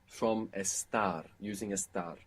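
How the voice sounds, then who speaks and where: Husky man patiently teaching a language. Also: low voice, slow pace. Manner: patient, explanatory, prompting the learner. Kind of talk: spoken language lesson.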